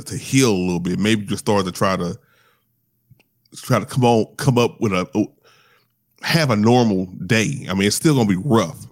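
Deep gravelly man, halting and tearful. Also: dry recording, studio quality. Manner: halting, restarts often, fighting back tears. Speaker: storyteller sharing a personal loss. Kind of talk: emotional personal monologue.

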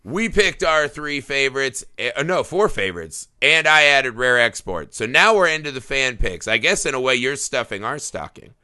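Male podcast host, casual, swears a lot, sharp tone, crisp delivery. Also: medium pitch, expressive, normal speed, few pauses, no echo, studio quality. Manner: loose, joking, swears often. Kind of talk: casual movie podcast chat.

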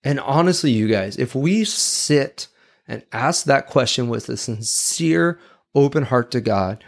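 A man's voice: medium pitch, expressive, a little slow, gravelly. A man giving an earnest, confessional, sermon-style talk, reflective and personal. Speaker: speaker giving a devotional talk.

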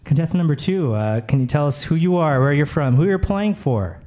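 A man's voice: on the high side, lively intonation, brisk, warm tone, slight background noise. A man hosting a comedy game show, announcing in a rambling, stumbling way.

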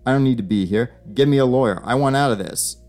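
A man's voice: mid-range voice, quick pace, darkish tone, soft background music, voice pushed up, lightly acted. A man voicing a cynical mercenary hacker who snaps demands and answers with sarcasm, in an audio story. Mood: angry. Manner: sarcastic, defiant, snapping demands.

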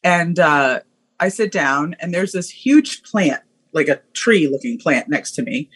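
A woman guest on a podcast, telling a personal story in an animated way, acting out voices and laughing often. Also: deep voice, unhurried, breathy edge.

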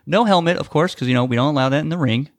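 A co-host of a casual podcast calls a joke wrestling game in play-by-play banter, jokey and animated, laughing often. His voice sits on the high side, and he talks rapid-fire.

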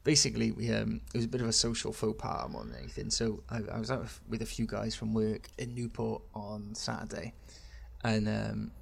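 Gravelly, rambling podcast host. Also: male voice, lowish voice, a little fast. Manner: rambling, full of fillers, swears freely. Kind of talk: casual comedy chat.

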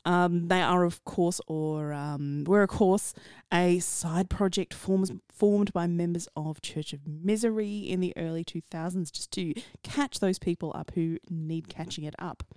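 A woman's voice: on the low side, unhurried, smooth, no echo, studio quality. A woman co-hosting a casual radio chat, giggly and talkative. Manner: giggly, chatty, lively. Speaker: radio co-host.

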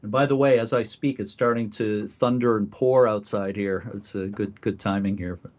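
A man chatting on a radio talk show, speaking haltingly with many fillers as he announces his group's events. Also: on the low side, steady tone, darkish tone. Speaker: lighthouse group volunteer leader. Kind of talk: casual radio chat. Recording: dull lo-fi recording.

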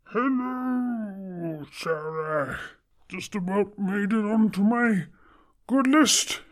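Guy doing a jolly father christmas, real slow, big ho ho ho laugh. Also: high voice. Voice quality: hearty ho-ho-ho laugh.

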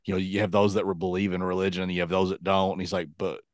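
A man's voice: low voice, level tone, racing, no echo, clean studio sound. A man co-hosting a podcast, telling stories in a rambling, self-mocking way. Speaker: podcast co-host. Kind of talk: casual chat.

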